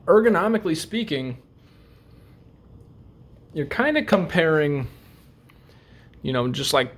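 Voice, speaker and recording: A young man hosting a casual knife review vlog, rambling with lots of fillers and joking at his own expense. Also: mid-range voice. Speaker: host.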